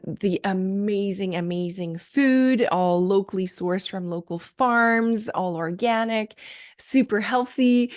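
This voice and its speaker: A woman's voice: medium pitch, darkish tone. A woman hosting a solo podcast, telling a personal story in an enthusiastic, chatty way with frequent fillers. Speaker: podcast host.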